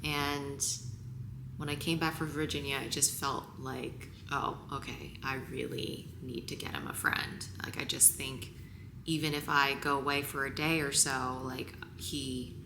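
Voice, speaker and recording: A low-pitched woman speaks to camera in a roomy, echoing space with steady background noise. She is tearful and halting, her voice sometimes sinking to a whisper. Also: creaky. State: crying. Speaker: vlogger. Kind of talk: emotional on-camera talk.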